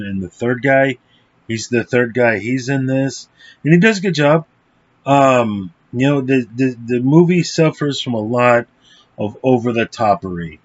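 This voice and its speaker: A man's voice: mid-range voice, highs cut off. A man giving a casual, rambling film review, blunt and profane, with lots of fillers.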